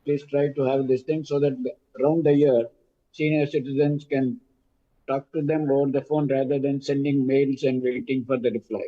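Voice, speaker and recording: An Indian man speaking as a shareholder over a video call, making measured, formal suggestions. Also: mid-range voice, level tone. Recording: dull lo-fi call audio.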